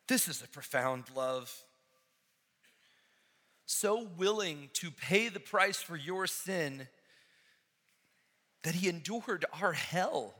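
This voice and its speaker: A high, bright male voice preaching in a church with slow, deliberate pacing. He swings from near-hushed passages to ringing, impassioned calls. The long reverb of a large hall trails every phrase. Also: breathy edge. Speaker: pastor. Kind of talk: sermon.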